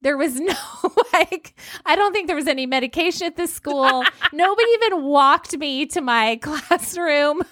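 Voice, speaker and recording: High-voiced woman telling a funny story. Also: normal speed, no echo, clean studio sound. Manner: laughing, animated storytelling. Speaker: podcast co-host. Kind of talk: casual chat.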